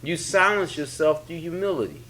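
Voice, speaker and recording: This male religious leader's voice runs high, pushed and bright, expressive and at normal speed, with slight background noise. Seated for a casual spiritual teaching, he preaches in everyday language and repeats his points.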